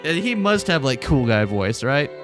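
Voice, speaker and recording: A man's voice: mid-range voice, big pitch swings, normal speed, a bit bright. A man co-hosting a podcast, chatting casually and joking with laughs while playing a game. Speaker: podcast co-host. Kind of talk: casual chat over a game. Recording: music playing behind.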